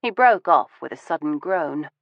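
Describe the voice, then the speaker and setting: A woman narrating a first-person audiobook in a composed, measured way. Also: sits low, expressive, dry recording. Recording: dull, dry studio audio.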